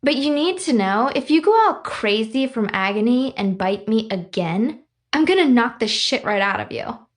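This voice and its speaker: Woman reading a blunt, sharp-tongued young woman. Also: fairly high pitch, animated, moderate pace, natural voice. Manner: blunt and tart.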